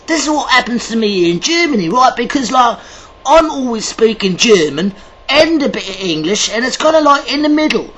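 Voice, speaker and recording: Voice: medium pitch, sing-song, normal speed, fairly bright tone, rough recording. A vlogger from Ireland talking in a rambling monologue, stumbling over words, swearing often and drifting between accents. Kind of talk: casual video monologue. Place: lives in Germany.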